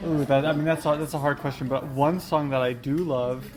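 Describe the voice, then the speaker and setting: A man's voice: on the high side, fairly even intonation, brisk. A young man hosting a casual podcast in a Korean restaurant, rambling with many fillers. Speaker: podcast host. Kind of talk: casual chat. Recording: busy restaurant chatter behind.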